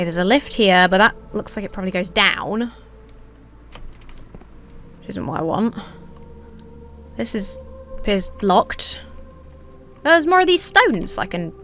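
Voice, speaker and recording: A woman's voice: mid-range voice, animated, slow, long pauses, a bit bright, faint music behind. Chatty woman narrating gameplay. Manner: rambling, chatty self-talk while playing. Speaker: gaming video creator. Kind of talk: let's play commentary.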